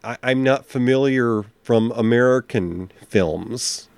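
A man hosting a movie program, chatting casually with halting fillers. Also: mid-range voice, creaky, darkish tone, clean tone, no echo. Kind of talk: casual chat.

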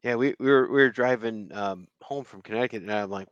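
A man's voice: lowish voice, fast, few pauses, clear, resonant tone, no room sound. A man co-hosting a podcast, chatty and laughing, telling anecdotes in casual talk into a close mic. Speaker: podcast co-host. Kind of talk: casual chat.

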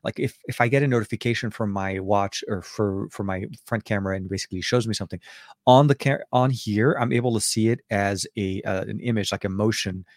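A man's voice: fairly low pitch, brisk, dry recording, studio quality. A man hosting a casual tech podcast, rambling and correcting himself as he talks through his gadgets. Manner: rambling, self-correcting, excited asides. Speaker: podcast host.

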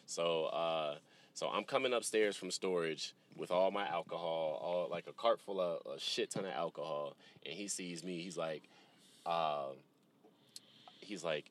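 Very deep-voiced man telling a loose story. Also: a little slow. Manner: loose, profane storytelling with frequent restarts. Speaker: podcast host. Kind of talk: casual chat.

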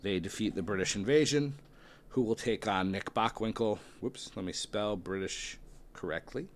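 A man casually commentating and thinking aloud while ranking tag teams, weighing options with excited outbursts and playful asides. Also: on the low side, normal speed, slight background noise. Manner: self-deprecating, playful asides. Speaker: host ranking a wrestling tag team bracket.

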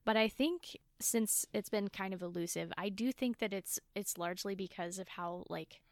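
A woman's voice: medium pitch, normal speed, dry recording. Young-sounding woman, dry close sound. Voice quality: sounds younger than she is. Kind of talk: casual chat.

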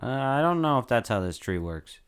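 A man's voice: mid-range voice, very animated, fairly quick, clear, resonant tone. A man playing a tabletop game, chatting casually with joking asides. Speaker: player.

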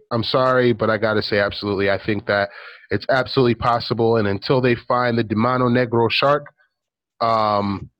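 A man's voice: fairly low pitch, dull audio. A man chatting casually on a podcast, telling a story with lots of ums and likes. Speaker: podcast co-host. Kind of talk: casual chat.

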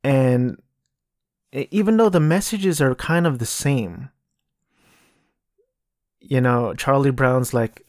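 A man's voice: mid-range voice, takes it slowly, pauses often, a little mellow, no room sound, studio quality. A man hosting a casual solo podcast, rambling and correcting himself as he talks. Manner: rambling, self-correcting, mocking impressions. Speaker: podcast host.

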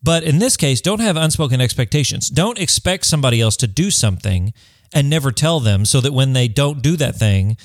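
A man's voice: medium pitch, lively intonation, brisk, dry recording, clean studio sound. A man co-hosting a casual advice chat, talking in a conversational way and acting out quoted remarks. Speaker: podcast co-host.

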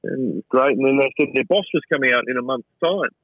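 An Australian man tells anecdotes in a relaxed, rambling way, tripping over his words and doubling them up. His voice is husky and comes through a narrow, tinny, phone-like channel. The sound is dry, with no room around it. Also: medium pitch, a little fast, dry recording. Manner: chatty, stumbling repetitions of words. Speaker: chef and restaurateur, interview guest. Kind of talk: casual anecdotal storytelling.

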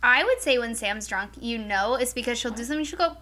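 High, lively woman swearing freely. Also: fast, noisy background. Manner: animated, swears casually, acts out friends' lines. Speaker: podcast co-host. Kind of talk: casual chat.

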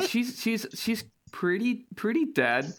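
A man's voice: very high-pitched, wildly swooping pitch, takes it slowly, fairly bright tone. A man hosting a tabletop role-playing podcast, introducing players and often breaking into laughter. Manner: laughing, self-interrupting. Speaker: host. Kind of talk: actual-play podcast chat.

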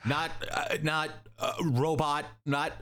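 A man's voice: on the high side, steady tone, slow, bright, forceful tone. Young guy rambling thru a comic plot, jokey, does little voices. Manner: rambling, jokey, acts out characters' lines. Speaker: podcast co-host recapping a comic. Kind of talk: casual chat.

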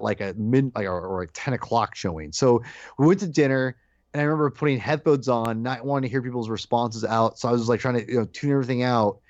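A man in casual podcast chat, telling an animated story and acting out his own shouted lines. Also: mid-range voice, dry recording. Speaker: podcast guest co-host. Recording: dull lo-fi dry sound.

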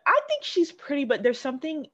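A woman's voice: high voice, wildly swooping pitch, fairly quick, a bit bright, muffled recording. A woman co-hosting a casual chat, chiming in with agreement and laughing asides.

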